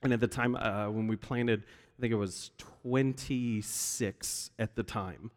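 Animated male pastor preaching in a hall. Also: lowish voice, a little slow. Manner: animated storyteller, acts out quoted voices. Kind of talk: sermon. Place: church sanctuary. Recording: long reverb of a large hall.

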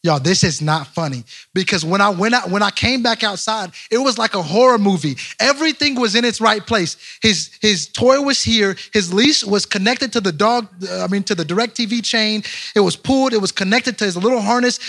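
A young man, a pastor, preaching a lively storytelling sermon straight to his congregation. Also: high voice, normal speed. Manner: animated, speaks straight to the congregation.

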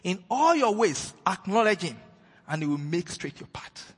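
A man preaching a sermon with a very husky, breathy voice and a lively, swinging pitch. He moves between loud declarations and hushed retellings of scripture. His voice carries a long reverb from a church hall. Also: normal speed.

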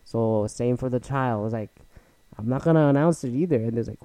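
A man's voice: medium pitch, fast talker, dark tone, dry recording, poor audio. A young man hosting his own podcast, talking alone in a profane, rambling, sarcastic way. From immigrated to Canada. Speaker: podcast host. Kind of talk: casual solo podcast rant.

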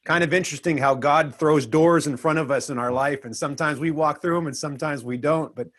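A man's voice: on the high side, brisk, a bit bright, breathy edge. A man co-hosting an interview, reflecting casually on faith. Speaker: podcast co-host.

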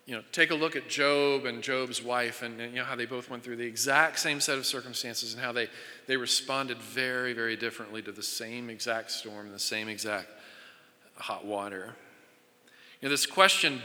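A man's voice: medium pitch, steady tone, normal speed, sharp tone. A man preaching a sermon as pastor, speaking earnestly, often repeating and restarting his words. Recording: long reverb of a hall.

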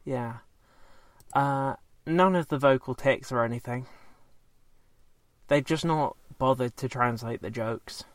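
Slow, rambling man in a dry room. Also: mid-range voice, no room sound. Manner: rambling, hesitant, many fillers and restarts. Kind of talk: casual chat.

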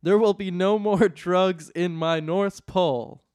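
Man doing Santa, booming and stern. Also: steady tone, slow, a little mellow, smooth, no echo, studio quality. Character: stern booming old Santa Claus, bossy.

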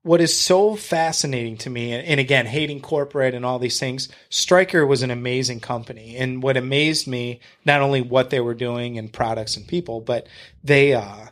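A man's voice: medium pitch, moderate pace. A man from Michigan, a podcast guest, telling stories in casual conversation, acting out what people said and swearing freely. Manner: animated storyteller who acts out what people said, swears freely.

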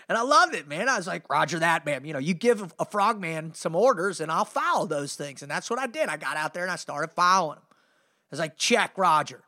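Pushed, bright and animated, this high male voice belongs to a middle-aged motivational podcast host. He tells his story briskly and with fired-up energy, full of slang and repeated "man."

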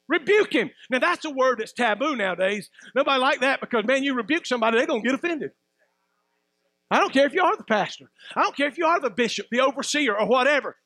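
A middle-aged man preaching a sermon as pastor, shouting at times and calling for responses from the congregation. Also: extremely high pitch, no room sound.

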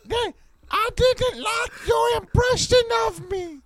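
A man putting on a high, squeaky impression of a young celebrity, shouting and straining his voice. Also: slow pace, vocal fry, full character voice.

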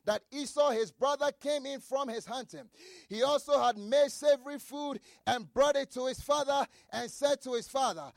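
High-voiced preacher man, gravelly and shouting. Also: dry recording, studio quality. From grew up outside the United States, across the Atlantic. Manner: reads scripture slowly, then shouts for emphasis. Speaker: pastor. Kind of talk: sermon.

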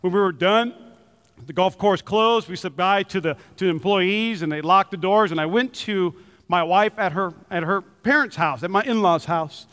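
A man preaches to his congregation with a high, bright voice. He tells stories animatedly, jumping into shouted quotes. His voice rings with a long reverb off the church hall. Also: normal speed. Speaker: pastor. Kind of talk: sermon.

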